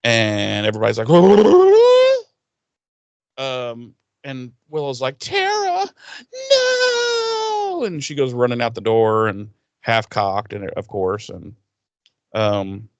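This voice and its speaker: A man's voice: lowish voice, a little slow, smooth, no room sound, muffled recording. A man co-hosting a podcast, recapping a TV episode in casual, profane chat and acting out the characters' lines. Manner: animated, swears a lot, acts out characters' lines.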